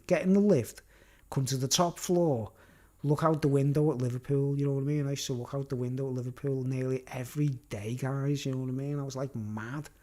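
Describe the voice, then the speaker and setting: A man's voice: medium pitch, dark tone. A man with a Scouse accent rambling through a live-stream monologue, laughing often and repeatedly asking "you know what I mean?". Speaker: vlogger.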